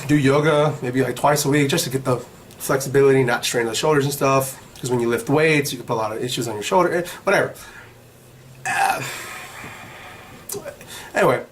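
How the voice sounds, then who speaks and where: A young man hosting his own vlog, telling a story in a profane, rambling, animated way. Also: mid-range voice, brisk, long pauses, a little hiss or hum. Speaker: vlog host. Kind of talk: casual storytelling.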